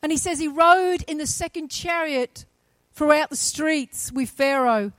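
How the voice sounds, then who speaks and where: A woman preaching a sermon, retelling a story with shifts from quiet to loud, emphatic passages. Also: high-pitched, measured pace, no echo.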